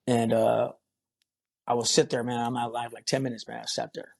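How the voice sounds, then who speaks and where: Here the concrete foreman speaks flatly at a moderate pace, his mid-range voice creaky and darkish. As a podcast guest in a casual storytelling interview, he rambles on, cursing and leaning heavily on filler words.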